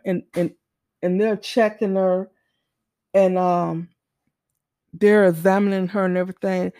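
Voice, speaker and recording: A woman's voice: mid-range voice, unhurried, mellow, dry recording, studio quality. A mother telling a faith testimony in an earnest, storytelling way, often repeating and restarting her words. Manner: earnest, repeats and restarts, acts out quoted voices.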